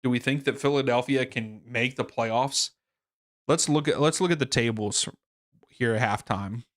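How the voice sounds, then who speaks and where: A man's voice: medium pitch, moderate pace, dry recording, clean studio sound. A man hosting a live soccer watchalong stream, chatting casually and thinking aloud with fillers and restarts. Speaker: livestream watchalong host.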